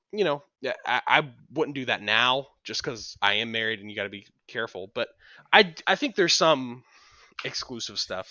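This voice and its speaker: A man's voice: mid-range voice, sharp tone, dry recording, lo-fi sound. A man co-hosting a podcast, telling stories in a casual chat with lots of fillers and restarts. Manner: rambling storyteller, many fillers and restarts. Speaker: podcast co-host.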